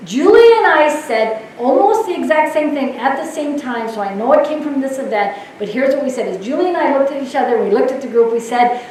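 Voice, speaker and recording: A woman nurse giving a storytelling talk, lively and laughing, acting out voices. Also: sits high, brisk, hardly any pauses, distant mic, a little hiss or hum. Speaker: nurse speaker. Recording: echoey hall, mic heard from afar.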